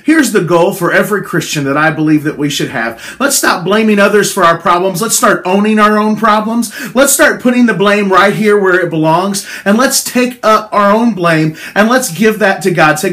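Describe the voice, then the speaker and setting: A man's voice: high-pitched, animated, normal speed, few pauses, sharp tone. A man giving a spoken daily devotional as its regular preacher, earnest and exhorting.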